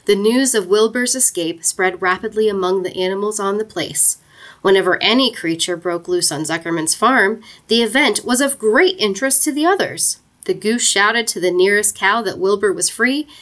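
A woman narrating a children's storybook aloud in an expressive, playful way. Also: mid-range voice, moderate pace.

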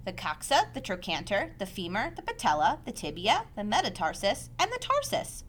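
A woman reading aloud and voicing a wise, kind female spider who explains things patiently and teases gently. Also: fairly high pitch, very animated, normal speed, slight background noise, pitched above the performer's own voice. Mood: explaining.

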